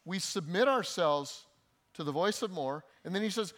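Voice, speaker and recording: A man preaching a sermon in a voice pitched a little higher than most men's. He leans on repetition, saying key lines twice, and swings between hushed passages and raised, urgent ones. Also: animated, moderate pace. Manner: repeats key phrases for emphasis. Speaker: pastor.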